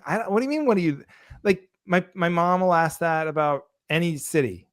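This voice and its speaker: A fairly high-voiced man chatting on a comedy podcast with a loose, rambling delivery. He tells stories with plenty of energy and pops up into an even higher pitch whenever he mimics other people. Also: brisk. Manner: animated storytelling, acts out others' lines in a higher voice. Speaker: podcast co-host. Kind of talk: casual comedy podcast chat.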